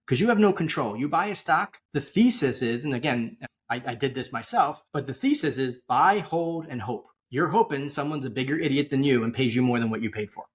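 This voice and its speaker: A middle-aged man speaking as a guest on a video call, spinning loose stories full of asides and tangents. His voice sits at an ordinary mid pitch. He talks casually, like he's chatting with a friend. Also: lively intonation, brisk, few pauses. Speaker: guest, wealth manager. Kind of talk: casual storytelling interview.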